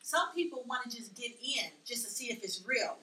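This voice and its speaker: A woman hosting a casual chat among friends, talking fast and emphatically and often talking over the others. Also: fairly high pitch, sing-song, bright, forceful tone, echoey room, far from the mic, low-quality recording. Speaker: host.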